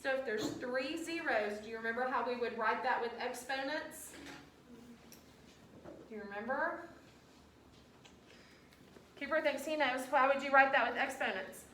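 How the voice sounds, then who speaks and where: Woman, teacher; patient, coaxing classroom delivery; higher pitch; distant, roomy room sound with faint background noise. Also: moderate pace, long pauses, sharp tone. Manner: patient, coaxing, talks students through steps. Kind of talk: classroom instruction.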